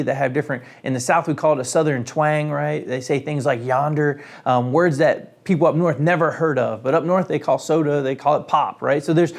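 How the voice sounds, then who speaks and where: A man's voice: on the high side, darkish tone. A man raised in South Carolina giving a weekly devotional message, earnest and encouraging, building his point through repeated rhetorical questions. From South Carolina, United States. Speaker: Christian motivational speaker.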